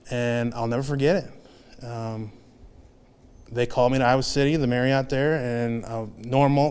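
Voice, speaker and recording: A man's voice: mid-range voice, a little mellow, smooth. A man in his thirties giving a candid, confessional talk as a guest speaker at a men's group, telling his own story with frequent restarts. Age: 30s. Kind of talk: personal testimony talk.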